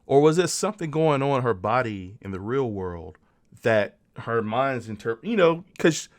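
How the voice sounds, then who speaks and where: A man's voice: medium pitch, big pitch swings, moderate pace. A man co-hosting a podcast in casual chat, musing and profane, dropping into mock outbursts. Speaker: podcast co-host.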